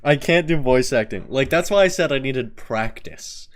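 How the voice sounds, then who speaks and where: A man's voice: medium pitch, normal speed. A man streaming a game, chatting casually and joking as he reacts to his viewers. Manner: excitable, joking, reacting to chat. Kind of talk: casual live-stream chat.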